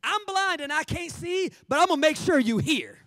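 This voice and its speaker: A man voicing a desperate blind male beggar who shouts and pleads for help. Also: very high voice, expressive, normal speed, dry recording, voice pushed up. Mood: pleading loudly.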